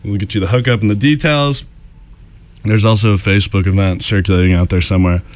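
A man's voice: on the low side, fairly even intonation, fast. A young man co-hosting a casual radio show, playful and jokey, tossing in little sound effects.

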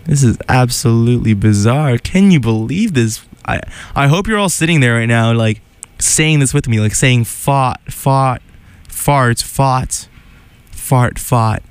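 A man's voice: mid-range voice, expressive, moderate pace, clear, resonant tone, dry recording. A man hosting a radio show, chatting casually and animatedly, laughing and sounding incredulous. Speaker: radio host.

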